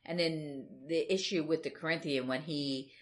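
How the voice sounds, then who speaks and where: A woman's voice: low-pitched, steady tone, normal speed, slight background noise. A woman co-hosting a casual podcast chat about comics, thoughtful and rambling with hedging fillers. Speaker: podcast co-host. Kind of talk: casual comic book discussion.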